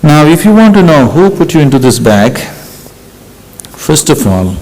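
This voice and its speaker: A man's voice: a little high, big pitch swings, normal speed, a little mellow. A man speaking as a spiritual teacher to an audience, questioning listeners and often tagging his points with "isn't it?". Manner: questioning, repeats tags like "isn't it?". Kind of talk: spoken discourse to an audience. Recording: long hall reverb.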